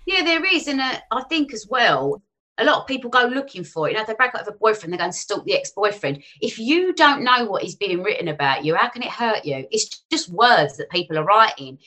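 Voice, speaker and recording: Bright-voiced chatty woman, forties. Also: medium pitch, a little fast. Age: 40s. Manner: chatty, animated, frank. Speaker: finance influencer guest. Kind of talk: casual interview chat.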